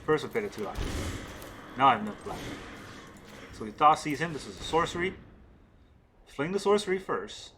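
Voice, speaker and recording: A man's voice: fairly high pitch, big pitch swings, a little fast, long pauses, pushed and bright, a little hiss or hum. A man thinking aloud as he plays a digital card game, counting cards and questioning his own moves. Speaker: gameplay streamer.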